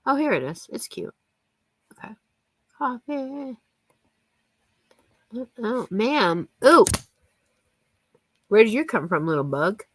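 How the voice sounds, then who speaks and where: A woman's voice: a little high, big pitch swings, slow pace, pauses often, a bit bright, breathy edge. A woman chatting casually with viewers on a live stream, giggling often and thanking them by name.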